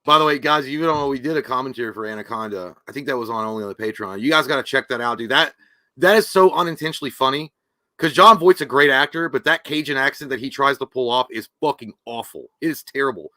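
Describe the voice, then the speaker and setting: A man's voice: mid-range voice, fast, bright, forceful tone, no room sound. A man co-hosting a casual live stream, cracking crude jokes and swearing freely. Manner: crude, joking, profane. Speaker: podcast co-host.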